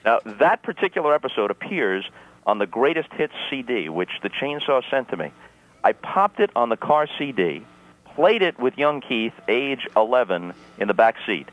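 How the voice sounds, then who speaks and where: A man phoning in to a radio show, speaking in playful, mock-formal flourishes. His voice rises and falls freely at a middle pitch. The phone line sounds dull and muffled. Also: very animated, normal speed. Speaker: sportscaster, guest caller. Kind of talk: mock-grandiose phone banter. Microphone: telephone.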